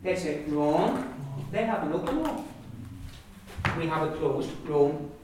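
A man's voice: on the high side, sing-song, normal speed. A man with an Ulster accent teaching a language class, carefully modelling sounds and drilling words aloud for his students. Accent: Ulster Irish English. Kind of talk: classroom pronunciation lesson. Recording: echoey room, mic far off, faint noise.

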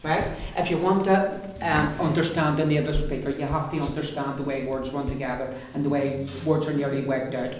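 A man teaching a pronunciation class, patiently repeating words slowly for learners. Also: on the high side, flat delivery, noisy background. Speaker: Irish language teacher. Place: classroom with students. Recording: echoey classroom from far off, group around.

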